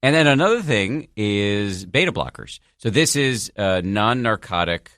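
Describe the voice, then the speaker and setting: A man's voice: on the low side, lively intonation, measured pace, fairly bright tone, no echo, clean studio sound. A man hosting a podcast, answering a listener's question in a thoughtful, self-deprecating way. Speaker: podcast host.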